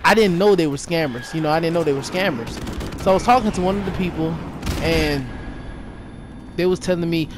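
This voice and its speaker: Animated rambling young man, game gunfire behind. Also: fairly high pitch, a little fast, noisy background. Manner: animated, rambling, repeats himself, says "yo". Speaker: YouTuber. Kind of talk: casual storytelling vlog.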